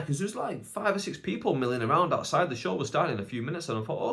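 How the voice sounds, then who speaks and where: A man, a stand-up comedian, telling anecdotes on his own podcast in a casual, animated way, acting out the people in his stories. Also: a little high, quick pace, vocal fry, few pauses. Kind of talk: casual storytelling monologue.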